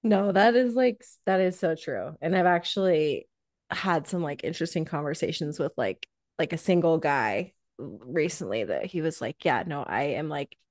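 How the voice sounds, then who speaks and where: A woman's voice: low-pitched, lively intonation, normal speed, a little mellow, dry recording, clean studio sound. A woman co-hosting a podcast, talking casually and earnestly with many fillers. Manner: chatty, earnest, full of "like" fillers. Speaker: podcast co-host. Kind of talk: casual chat.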